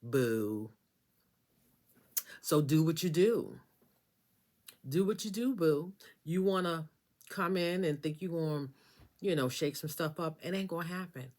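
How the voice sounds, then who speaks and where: A woman's voice: low voice, lively intonation, unhurried, pauses often, a little mellow. A woman giving a casual tarot reading, talking straight to the listener in an emphatic, sassy way and repeating phrases for effect. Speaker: tarot reader.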